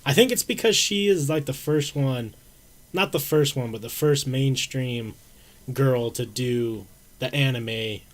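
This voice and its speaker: A man's voice: medium pitch, unhurried. A young man co-hosting a podcast, telling stories in a laid-back, amused way. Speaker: podcast co-host reading chat comments. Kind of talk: casual podcast chat.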